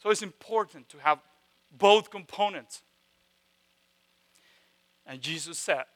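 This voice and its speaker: A man preaching a sermon, emphatic, with slow repeated phrases and sudden drops from loud stresses to hushed tones. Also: sits high, animated. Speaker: pastor.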